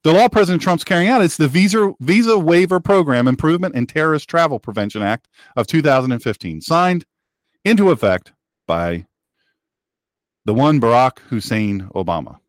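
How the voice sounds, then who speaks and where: Animated, emphatic male talk show host. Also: a little high, normal speed, no echo, studio quality. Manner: emphatic, sarcastic, preachy. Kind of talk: opinionated radio show monologue.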